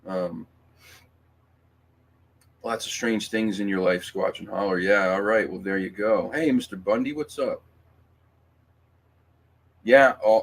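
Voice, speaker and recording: Male livestream host, very low voice, rambling and emphatic, faint hiss behind. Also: a little slow, long pauses. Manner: rambling, emphatic, swears, with many fillers and restarts. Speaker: livestream host reading viewer comments. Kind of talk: casual livestream chat.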